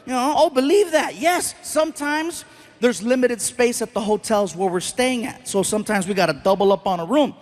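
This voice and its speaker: A man telling stand-up comedy stories in an animated, self-mocking way. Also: extremely high pitch, normal speed. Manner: animated, self-mocking, acts out the voices of others.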